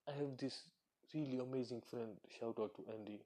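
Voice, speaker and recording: A man's voice: medium pitch, a little fast, mellow. A man in a casual solo monologue, talking bluntly with heavy swearing and acting out what other people say. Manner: blunt, profane, ranting; acts out quoted voices. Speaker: commentator.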